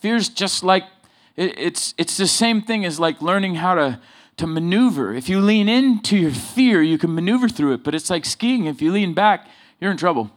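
A man preaching a sermon full of personal stories, swinging between loud emphasis and low asides. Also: animated, normal speed. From Southern California.

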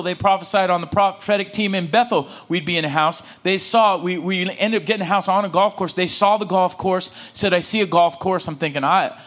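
Preacher man telling stories, slightly high. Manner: animated storytelling, acting out dialogue. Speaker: pastor. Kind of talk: sermon. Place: church.

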